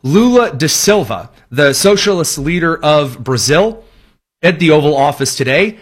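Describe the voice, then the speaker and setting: A man's voice: on the high side, fairly bright tone, breathy edge. A man delivering a political commentary monologue, sarcastic, with long listing sentences.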